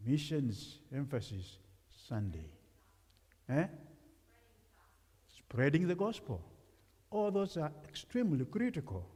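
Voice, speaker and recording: A man's voice: fairly high pitch, big pitch swings, takes it slowly, pauses often, a little mellow, breathy edge. A man from Africa preaching as a guest speaker, talking conversationally and putting questions to the congregation. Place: church sanctuary. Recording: long church reverb.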